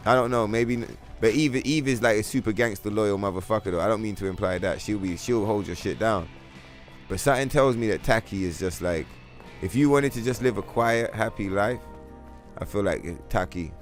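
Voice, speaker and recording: A man's voice: lowish voice, a little fast, faint music behind. A man streaming a game, rambling in a casual, profane, slang-heavy way. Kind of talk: casual livestream chat.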